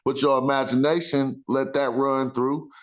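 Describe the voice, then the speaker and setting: A man with a medium-pitched, steady voice hosts a casual talk show podcast at a moderate pace. He rambles in loose street slang and keeps interrupting himself.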